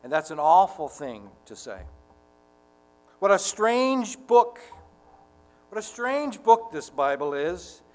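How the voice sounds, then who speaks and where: A man preaching a sermon to his congregation, earnest and deliberate, rising to fervent emphasis. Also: high-pitched, very animated, darkish tone, long reverb tail, faint music behind. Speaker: pastor.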